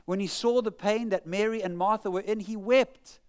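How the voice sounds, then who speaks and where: A man's voice: high voice, steady tone, normal speed, smooth. A man preaching a sermon in church, conversational and humorous, joking at his own expense. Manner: humorous, conversational preaching with self-mocking jokes. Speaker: pastor.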